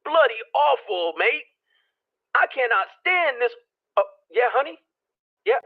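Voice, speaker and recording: A man voicing a fed-up young prince, grumbling in a strained, high put-on with sarcastic asides. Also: lively intonation, measured pace, heavily acted. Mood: exasperated. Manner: exasperated complaining, sarcastic asides. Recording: tinny phone line.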